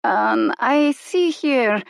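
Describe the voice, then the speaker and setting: A woman voicing a shrewd middle-aged female fortune teller, speaking slowly and knowingly in a rustic dialect. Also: high-pitched, lively intonation, creaky, no echo, studio quality, pitched above the performer's own voice, exaggerated voice. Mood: theatrical. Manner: slow, knowing, dialect-tinged speech.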